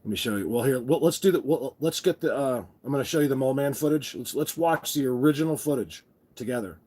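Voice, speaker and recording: Man, husky voice, groggy, rambling live-stream chat, phone mic. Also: medium pitch, fast, darkish tone. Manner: rambling, loses his train of thought, greets viewers by name. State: groggy, just woke up. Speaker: vlogger hosting a live stream. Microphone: phone camera.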